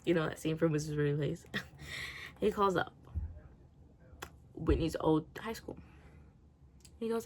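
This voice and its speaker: A woman's voice: sits low, normal speed, long pauses, darkish tone. A woman giving a casual, rambling rant review, swearing freely and laughing often. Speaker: book reviewer.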